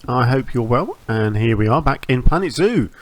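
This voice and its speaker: A man hosting a gaming channel, talking through a zoo-building game in a relaxed, rambling way, often restarting phrases and filling pauses with ums. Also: mid-range voice. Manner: rambling, self-correcting, with frequent ums and restarts. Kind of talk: relaxed gameplay commentary.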